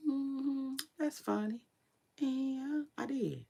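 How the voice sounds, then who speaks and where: Smoky-voiced sleepy woman chatting slowly. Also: gravelly, dark tone. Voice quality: smoky low voice. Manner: laid-back, slangy, drawls and trails off. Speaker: online commentator. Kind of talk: casual livestream chat to viewers.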